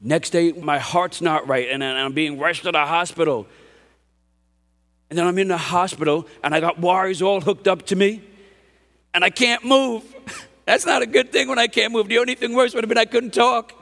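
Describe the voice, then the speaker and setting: A pastor preaching a sermon in a conversational, emphatic way, often asking the congregation "right?". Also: male voice, sits high, steady tone, normal speed, vocal fry, a bit bright, big-room sound. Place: church hall.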